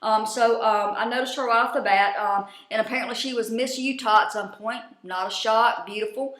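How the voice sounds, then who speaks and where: Woman, chatty TV recap, swears freely, fairly high bright voice, echoey room. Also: steady tone, brisk. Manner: chatty, swears freely, folksy Southern-ish slang. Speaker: show recap vlogger. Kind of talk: casual profane TV recap.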